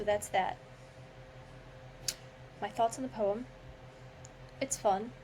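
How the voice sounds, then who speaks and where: A woman podcast host reads a poem aloud with theatrical flair, tripping over words now and then, before switching to casual chat full of filler. Her mid-range voice has fairly even intonation, takes it slowly and pauses often, with background noise present.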